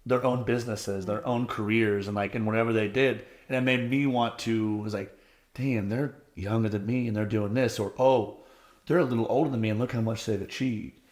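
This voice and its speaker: A man in his thirties talking candidly in a casual interview, animated and acting out voices as he tells stories. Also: fairly low pitch, fairly quick, reverberant. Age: 30s. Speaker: interviewed contestant.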